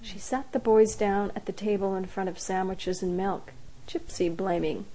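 A woman reading her own story aloud in a wry, animated way, jumping into the characters' voices. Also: medium pitch, normal speed, low-quality recording. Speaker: narrator.

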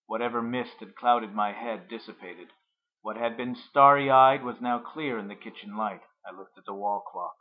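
A man's voice: medium pitch, normal speed, lo-fi sound. Man reading a story aloud, reflective. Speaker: narrator. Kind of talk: first-person story reading.

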